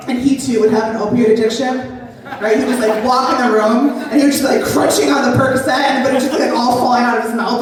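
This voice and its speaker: A woman's voice: on the high side, distant mic. A woman doing a stand-up comedy set on a brewery stage, rambling and self-deprecating with many fillers. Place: brewery stage at a live show. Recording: echoey hall, mic heard from afar, loud crowd. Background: audience laughter.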